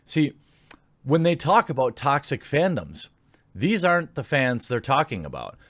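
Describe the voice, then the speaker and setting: A man's voice: mid-range voice, wildly swooping pitch, unhurried, fairly bright tone, dry recording. Sarcastic male commentator, dry close sound. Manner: sarcastic, indignant. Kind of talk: opinionated commentary reading posts aloud.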